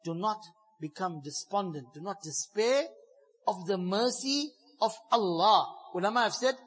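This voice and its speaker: A man preaching a sermon on scripture, building to emphatic stress and then falling soft and low. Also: measured pace, breathy edge.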